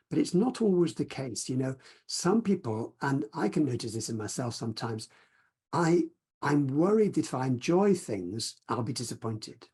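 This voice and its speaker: Male meditation teacher, soft and reflective, slightly breathy mellow tone, video-call sound. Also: mid-range voice. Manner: gentle, reflective, unhurried. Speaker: mindfulness teacher. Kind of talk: teaching talk with guided practice.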